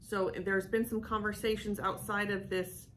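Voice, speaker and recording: A woman hosting as a psychic medium, talking in a rambling, halting way with many fillers and restarts. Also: medium pitch, flat delivery, slight background noise. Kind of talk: casual reaction chat.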